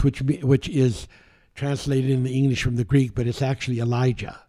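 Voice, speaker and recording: A man preaching a sermon, reading scripture aloud and explaining it, with halting restarts and drawn-out key words. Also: medium pitch, little pitch movement, dark tone.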